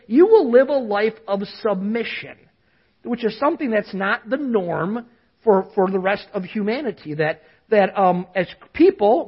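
A male pastor with a husky, slightly rough voice delivers a lively sermon, asking the congregation to say lines back to him. The recording sounds dull and lo-fi. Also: sits high. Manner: lively preaching, calls on listeners to repeat after him.

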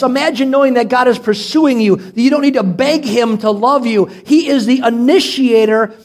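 High-voiced impassioned male pastor preaching. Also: moderate pace, hardly any pauses. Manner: impassioned preaching that drops to soft prayerful reading. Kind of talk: sermon. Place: church sanctuary.

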